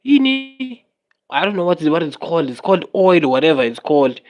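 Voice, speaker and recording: Animated South African streamer man. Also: fairly high pitch, fairly quick. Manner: animated, rambling, code-switching. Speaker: livestreamer. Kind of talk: casual livestream chat.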